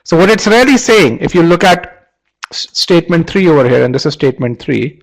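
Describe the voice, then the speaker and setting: A man's voice: on the high side, lively intonation, a little fast, gravelly, low-quality recording. A man teaching a live online webinar, often repeating words as he restarts and quizzing his audience. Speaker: online course instructor.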